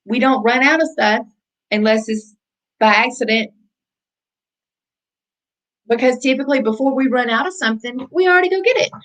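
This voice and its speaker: A woman's voice: a little high, normal speed, pauses often, a bit bright, low-quality recording. A woman life coach giving a motivational talk, speaking conversationally and repeating phrases for emphasis.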